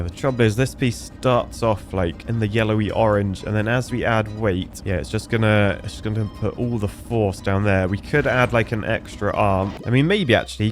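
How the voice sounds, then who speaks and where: A man casually commenting while playing a bridge-building game, thinking aloud and chuckling often. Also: lowish voice. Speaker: gaming YouTuber.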